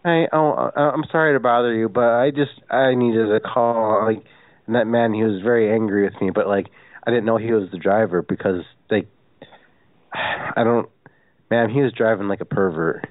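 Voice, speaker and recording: A man making a prank phone call, rambling and halting, stuffing "like" into every sentence. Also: lowish voice, steady tone, dry recording. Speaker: prank caller. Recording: phone line.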